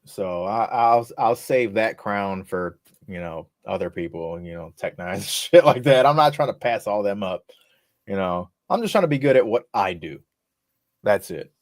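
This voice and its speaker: A man with a fairly low, laid-back voice chats casually as a podcast guest. He is unhurried and easygoing, dropping the odd swear word. The sound is dry and close, with no room around it. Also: expressive, dry recording. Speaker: rapper guest.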